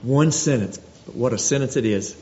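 A man preaching a sermon in an earnest way, circling back over his words and restarting sentences. His voice is dark and mellow. The recording is dull and lo-fi, with a long reverb from a church hall. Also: mid-range voice, normal speed, a little hiss or hum. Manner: earnest, repeats phrases, stumbles and restarts.

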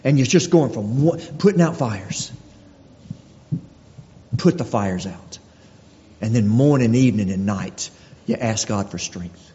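A man preaching a sermon in an earnest way, circling back over his words and restarting sentences. His voice is dark and mellow. The recording is dull and lo-fi, with a long reverb from a church hall. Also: on the low side, lively intonation, measured pace, pauses often. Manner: earnest, repeats phrases, stumbles and restarts.

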